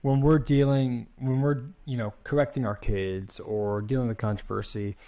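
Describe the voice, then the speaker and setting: A man's voice: mid-range voice, steady tone, normal speed, mellow. A man co-hosting a casual marriage podcast, talking in a conversational way with frequent restarts and acted-out bits of dialogue. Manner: conversational, repeats words, acts out dialogue. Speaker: podcast co-host. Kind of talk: casual chat about marriage.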